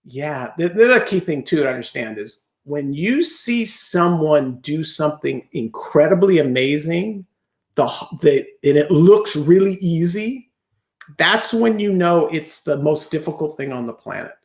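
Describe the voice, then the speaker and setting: High-voiced man telling animated stories. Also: reverberant. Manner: animated storyteller who acts out his own past thoughts; fast bursts with rhetorical "right?" check-ins. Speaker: podcast guest, entrepreneur. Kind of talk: casual interview chat.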